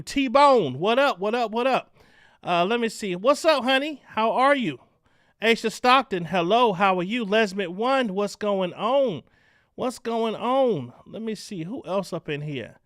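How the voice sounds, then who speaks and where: A man hosting a casual livestream chat, loud and animated as he greets viewers. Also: high voice, a little slow, no room sound, clean studio sound. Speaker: livestream host.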